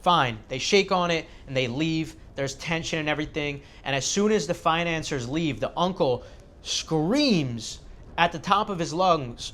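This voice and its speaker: A man hosting a casual video who tells a story in an animated way, full of fillers. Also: on the high side, measured pace. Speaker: host.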